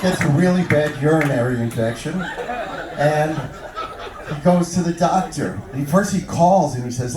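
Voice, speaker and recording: A man telling a long joke on stage and thanking fans in a relaxed storytelling way. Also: on the high side, measured pace, a little hiss or hum. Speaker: band member addressing fans. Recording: echoey hall, distant mic.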